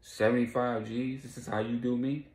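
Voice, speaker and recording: Brief: tired cop close to retirement, hushed and tense, played by a male storyteller. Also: mid-range voice, flat delivery, normal speed, reverberant, natural voice.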